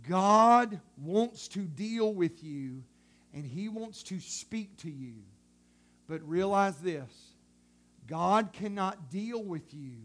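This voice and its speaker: A man preaching a sermon in a very high, bright-sounding voice. He talks in a loose, colloquial way and acts out what God says. His delivery swings from loud outbursts to soft, hushed passages. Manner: dramatic and animated, swinging from shouts to hushed tones.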